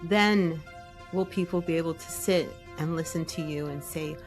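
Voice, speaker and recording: A woman's voice: low voice, moderate pace, over music. A woman guest in an interview, telling her story casually and acting out her own inner voice. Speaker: guest, essence maker.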